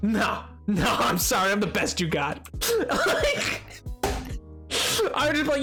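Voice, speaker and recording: A young man streaming a game, chatting casually with viewers and telling stories in an animated way with frequent laughter. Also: high voice, slow, long pauses, faint music behind. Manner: animated storytelling, laughs often, mocking voices. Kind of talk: casual live-stream chat while gaming.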